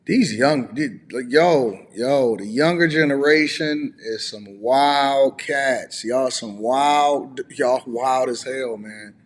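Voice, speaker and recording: A man's voice: mid-range voice, slow pace, hardly any pauses. A man hosting a reaction show, commenting on clips in a mocking, incredulous way. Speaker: commentator host.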